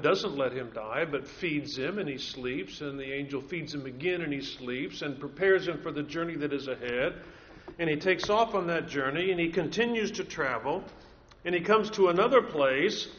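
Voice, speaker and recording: An earnest male preacher delivering a sermon, driving points home by repeating key phrases. His voice sits a little high for a man. The recording is dull and lo-fi. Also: a bit bright. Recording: dull lo-fi sound.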